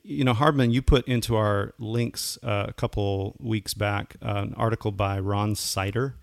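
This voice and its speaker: A man's voice: fairly low pitch, steady tone, normal speed, creaky, no room sound, clean studio sound. A man co-hosting a podcast, a pastor chatting casually, rambling with many restarts.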